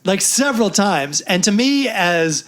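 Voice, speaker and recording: Animated storytelling man, higher voice. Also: a little slow. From New York. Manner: animated storyteller, acts out quotes, swears freely. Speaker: podcast co-host. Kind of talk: casual chat.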